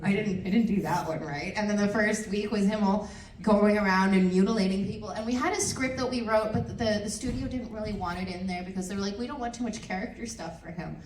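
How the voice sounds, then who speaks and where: Woman panelist, animated storyteller, quick to laugh and curse; recorded far off in a reverberant hall. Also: mid-range voice, slight background noise. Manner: lively, laughs often, swears freely. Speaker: film director on a convention panel. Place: convention panel room.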